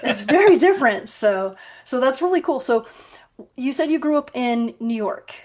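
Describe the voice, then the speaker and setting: A woman's voice: sits high, moderate pace. A woman hosting a podcast, telling stories with acted-out quotes and frequent laughter. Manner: animated storyteller, acts out quotes, laughs often. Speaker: podcast host. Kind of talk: casual podcast chat.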